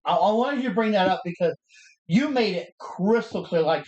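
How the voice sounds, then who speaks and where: A woman co-hosting a live review stream, eagerly telling what happened in quick casual chat. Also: mid-range voice, lively intonation, a little mellow, reverberant, highs cut off. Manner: eager, quick storytelling with many "like"s. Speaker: co-host of a wrestling review stream.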